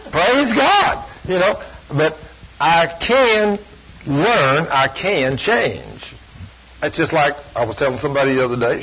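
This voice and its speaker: Older male preacher, a bit husky, higher-pitched, telling stories from the pulpit on a dull, low-fi recording. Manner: plain-spoken, storytelling, self-deprecating. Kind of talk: folksy sermon. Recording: dull lo-fi sound.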